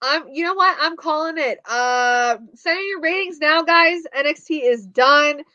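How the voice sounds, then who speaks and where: A woman's voice: sits high, a little slow, bright, forceful tone, no room sound. A woman co-hosting a live wrestling watch-party stream in casual, rambling, giggly chat. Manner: chatty, giggly, rambling with fillers. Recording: dull, dry lo-fi stream audio.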